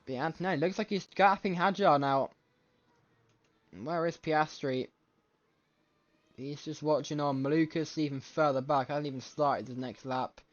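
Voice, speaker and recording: A man giving live race commentary from home late at night, excitable and often correcting himself mid-sentence, with a scratchy throat. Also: a little high, moderate pace, long pauses. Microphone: desk microphone. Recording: slightly muffled lo-fi mic.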